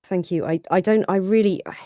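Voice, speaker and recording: A woman with a British accent, a voice actor, chatting casually. She talks fast and is critical of her own work, speaking from her home recording setup. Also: medium pitch, mellow, dry recording, studio quality. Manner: fast-talking, self-critical. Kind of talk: casual chat. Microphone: home recording setup with headphones.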